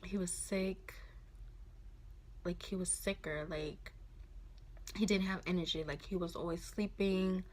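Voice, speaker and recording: A woman in her twenties telling a personal story to her phone camera, soft and halting with many fillers. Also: lowish voice, steady tone. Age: 20s. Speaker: vlogger.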